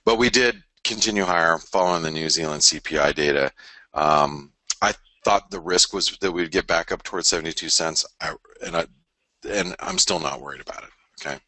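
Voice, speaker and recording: Early in the morning, a man with a very deep, forceful voice hosts a live forex trading webinar, tired from the early start. He rambles casually and briskly, with many fillers and restarts, repeating key phrases; the recording is close and dry, with no room sound.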